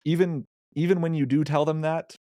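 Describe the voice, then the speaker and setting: A man, a podcast guest, telling an animated anecdote in casual conversation, often restarting his sentences. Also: a little high, fairly quick, no room sound, clean studio sound. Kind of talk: casual storytelling.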